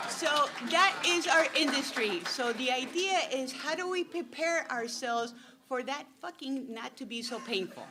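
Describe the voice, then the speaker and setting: A chatty woman leads a workshop in a relaxed, joking way, talking straight to the room. Her voice sits a little high for a woman, and she moves easily between practical advice and banter. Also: noisy background. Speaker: workshop speaker, retail buyer. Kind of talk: casual workshop talk.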